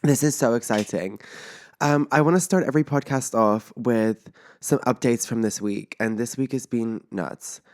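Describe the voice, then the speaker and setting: A man's voice: mid-range voice, moderate pace. A young man hosting his own podcast, telling stories in a dramatic, rambling way, full of "like" fillers, self-mocking and swearing freely. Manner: animated, dramatic storytelling with lots of "like" fillers. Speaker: podcast host. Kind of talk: casual solo podcast chat.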